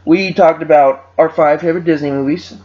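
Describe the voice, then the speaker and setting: A man's voice: fairly high pitch, steady tone, brisk. A man hosting a casual podcast chat, joking and sarcastic as he talks. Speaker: podcast host. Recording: dull lo-fi amateur recording.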